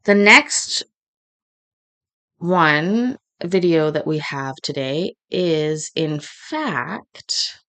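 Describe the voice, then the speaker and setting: Animated, laughing woman host. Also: sits low, extremely slow. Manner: laughing, animated, swears freely. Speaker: host reacting to court clips. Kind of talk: casual reaction commentary.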